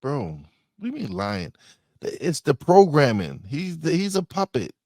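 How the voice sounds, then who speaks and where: A man's voice: on the high side, sing-song, a little slow, darkish tone, no room sound, clean studio sound. A man co-hosting a podcast in casual chat, talking bluntly and emphatically in slang and often repeating himself. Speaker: podcast co-host.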